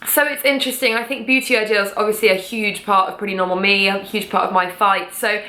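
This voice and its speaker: A woman's voice: medium pitch, steady tone, fairly quick, bright, forceful tone. A woman vlogger talking to camera about her book, chatty and passionate, swearing casually. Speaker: vlogger and author. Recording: echoey room.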